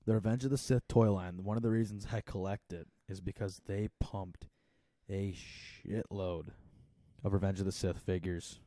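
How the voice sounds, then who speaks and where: A man's voice: sits low, fairly even intonation, normal speed, mellow, dry recording. A man in his twenties co-hosting a podcast in a casual, rambling chat full of filler words. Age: 20s. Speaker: podcast co-host.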